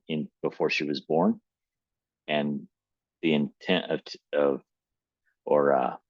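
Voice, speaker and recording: A male writing coach giving a live critique of a manuscript, reading passages aloud and thinking through his comments in a measured, tentative way. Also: a bass voice, no room sound, dull audio.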